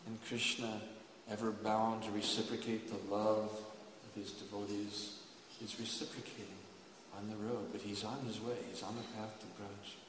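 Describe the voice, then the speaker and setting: A man's voice: on the low side, level tone, moderate pace, noisy background. A man preaching, retelling a sacred story in an emotive, dramatic way. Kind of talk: sermon storytelling. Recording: echoey hall, far from mic.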